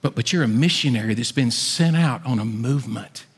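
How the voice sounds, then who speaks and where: A middle-aged man preaching a sermon as pastor, swinging from loud, high appeals down to hushed asides. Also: brisk, breathy edge, big-room sound.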